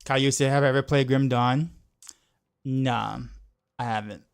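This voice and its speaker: During a relaxed gaming livestream, this guy rambles on, leaning heavily on "like" and circling back over the same words. He speaks unhurriedly in a steady, mid-range voice that's creaky yet clear and resonant.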